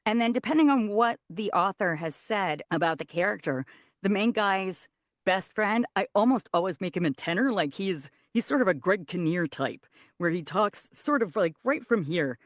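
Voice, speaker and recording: A woman audiobook narrator, a guest in a casual interview, explaining her work in an animated way. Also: medium pitch, normal speed, no echo, studio quality. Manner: animated, shows voice placement while explaining.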